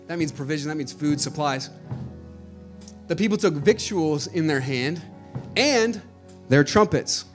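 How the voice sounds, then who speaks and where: A man preaches to his congregation in a fairly high voice, his delivery rising from quiet, steady teaching to loud and urgent exhortation. Soft music plays faintly behind him. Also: a little slow, pauses often. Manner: calls out "hey" to the congregation. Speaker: pastor. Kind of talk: sermon.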